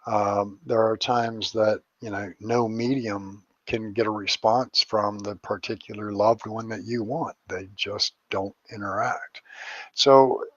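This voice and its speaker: A man's voice: lowish voice, steady tone, slow, no room sound, muffled recording. A middle-aged man, a psychic medium and paranormal investigator, rambling through stories in a casual interview, with crude jokes and swearing.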